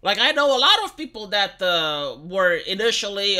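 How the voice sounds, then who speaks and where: Young woman, Romanian accent, bright and animated, blunt and profane, streamer ranting on camera. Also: medium pitch, normal speed. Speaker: live-streamer. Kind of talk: casual opinionated commentary.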